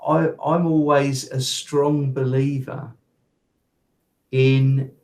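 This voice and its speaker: A man's voice: medium pitch, little pitch movement, extremely slow, a little mellow, low-quality recording. A man talking as a podcast guest in casual conversation, rambling with fillers and restarts.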